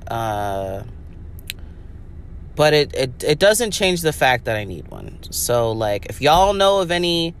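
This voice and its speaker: A woman's voice: very deep voice, sing-song, slow pace, a little hiss or hum. A young woman hosting a podcast, talking in a rambling, profane comedic monologue full of "like" and laughter. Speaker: podcast host.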